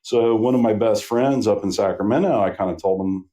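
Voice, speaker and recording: A middle-aged man with a low voice, warm and mellow in tone. He talks easily as a guest on a trade podcast, wandering through his story with lots of "uh"s and "um"s. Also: a little fast, hardly any pauses, highs cut off. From Northern California. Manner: relaxed, rambling storyteller with many fillers. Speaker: manufacturer sales rep, guest. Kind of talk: casual podcast interview.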